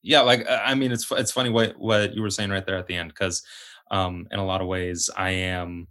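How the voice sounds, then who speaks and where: A man hosting a podcast, thanking his guest and closing the episode in a halting, restarting way. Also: low voice, little pitch movement, pushed and bright. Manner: halting, many restarts and fillers. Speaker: podcast host. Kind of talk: casual interview chat.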